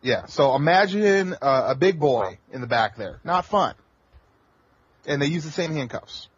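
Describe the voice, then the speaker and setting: A man's voice: a little high, animated, measured pace, husky. A young man co-hosting a podcast, joking bluntly and swearing casually in loose banter. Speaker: podcast co-host. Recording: dull lo-fi podcast audio.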